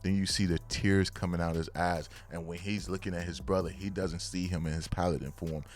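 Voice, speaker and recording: A man with a low, deep voice talks through new comic chapters in a loose, slangy way. He gets worked up easily and spikes into loud, excited outbursts before settling back into easy chat. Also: a little fast. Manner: slangy, excitable, breaks into loud bursts of hype. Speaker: manga reviewer. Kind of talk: casual chapter review.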